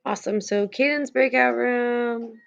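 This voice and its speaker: A woman's voice: a little high, fairly even intonation, a little slow, vocal fry, highs cut off. A young woman teaching a class over a video call, chatty and casual, full of fillers and restarts.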